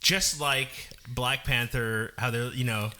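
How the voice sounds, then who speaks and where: Bright, lively male podcast co-host, casual, laughs easily. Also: mid-range voice, slow, a little hiss or hum. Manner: animated, laughs a lot. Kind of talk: casual chat.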